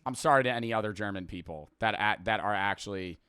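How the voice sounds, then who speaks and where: A man's voice: on the low side, quick pace, few pauses, bright, forceful tone, clean tone, dry recording, studio quality. A man with a generic American accent, reacting in casual commentary, rambling and swearing, with many restarts. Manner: rambling, profane, restarts often. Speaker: host reacting to a street interview.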